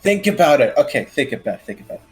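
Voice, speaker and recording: A man's voice: on the high side, big pitch swings, faint music behind, poor audio. A man adding crude, swearing commentary while a friend reads a story. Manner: profane, quick blunt jokes. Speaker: co-host.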